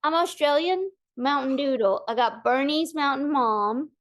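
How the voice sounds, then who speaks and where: A woman voicing her friend's young dog as a shy, apologetic female doodle that speaks softly and meekly. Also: sits high, unhurried, voice pushed up. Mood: sheepish. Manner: soft, meek, apologetic.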